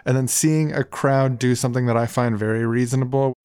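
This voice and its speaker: A man's voice: mid-range voice, steady tone, fairly quick, a little mellow, clean tone, no room sound, clean studio sound. A man co-hosting a podcast, explaining terms and chatting in an earnest way. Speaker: podcast co-host. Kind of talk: casual podcast chat.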